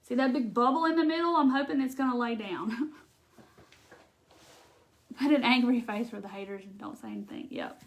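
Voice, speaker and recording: This woman hosts a live crafting chat in a Southern accent, folksy and chatty, narrating every step, thinking aloud, and laughing a lot. Her voice runs on the high side and creaky, at a normal speed, broken by long pauses.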